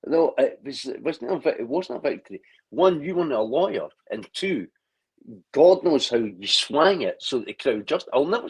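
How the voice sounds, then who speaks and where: A man's voice: fairly low pitch, slightly rough, rough recording. A man in a casual online chat, talking in long rambling stretches with frequent restarts and blunt swearing. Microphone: video call.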